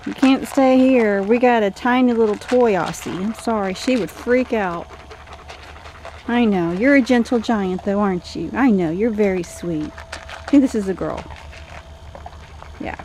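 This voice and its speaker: A woman's voice: mid-range voice, measured pace, long pauses, darkish tone, slight background noise. A Texan woman vlogging outdoors, coaxing stray dogs in a soothing way and chatting to the camera. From Texas. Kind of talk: casual vlog narration. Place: outdoors in heat on rural property.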